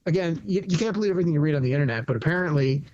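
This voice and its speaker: A man's voice: on the high side, very fast, darkish tone, dull audio. A man co-hosting a podcast, chatting casually and retelling behind-the-scenes stories from a movie shoot. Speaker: podcast co-host. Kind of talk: casual movie review chat.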